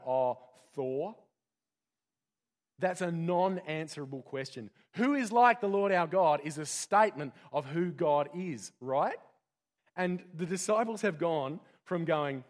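A pastor giving a conversational sermon full of rhetorical questions. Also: male voice, fairly high pitch.

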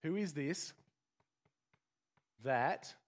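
A pastor giving a conversational sermon full of rhetorical questions. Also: male voice, fairly high pitch, expressive, very slow.

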